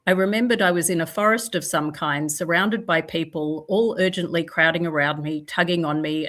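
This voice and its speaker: A woman's voice: fairly low pitch, a bit bright. A woman literary agent chatting and reading a manuscript aloud in a live video Q&A. She is chatty and pokes fun at herself. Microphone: video call.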